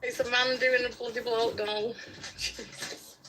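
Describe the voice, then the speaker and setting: A woman guest crafter chatting casually over a video call, candid and quick to laugh. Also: on the high side, little pitch movement, noisy background. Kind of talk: casual chat.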